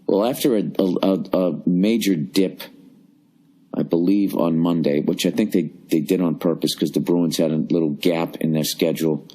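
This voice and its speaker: A man's voice: sits low, moderate pace, warm tone. Grumbling man ranting on a podcast. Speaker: podcast host. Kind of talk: solo comedic podcast rant. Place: hotel room on the road.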